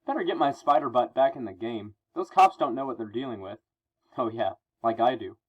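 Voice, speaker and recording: A man's voice: medium pitch, brisk, muffled recording, close to an everyday voice. A man reading aloud as a wisecracking masked teen superhero, jokey and frantic. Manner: jokey, frantic, self-mocking.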